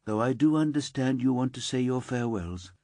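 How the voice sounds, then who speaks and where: A man voicing a calm, kind female police officer. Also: mid-range voice, fairly quick, no echo, voice pushed up, natural voice. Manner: calm, reassuring.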